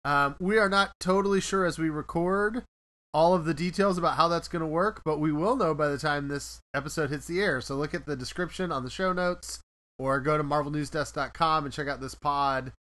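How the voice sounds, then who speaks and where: A chatty male podcast host with a bright, forward tone that sits a little high. He talks casually, rambles through his points and pokes fun at himself. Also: a little fast.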